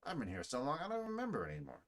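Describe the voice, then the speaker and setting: A man's voice: a little high, huge pitch swings, very fast, fairly bright tone, pitched above the performer's own voice. A man voicing a chatty, boastful male adventurer bound to a spirit weapon in a video game, raised above his own voice with a loose, wandering put-on accent. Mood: lonely complaint. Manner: trying out shifting British, Scottish and Australian accents.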